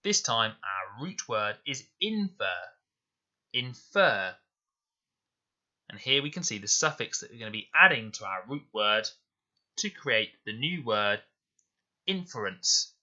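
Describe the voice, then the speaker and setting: A male primary teacher talks through a spelling lesson over slides. His voice is lowish but very bright and forward. He explains each rule slowly and repeats the words carefully. The recording sounds dull and lo-fi. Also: very animated. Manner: slow, clear, deliberate explanations.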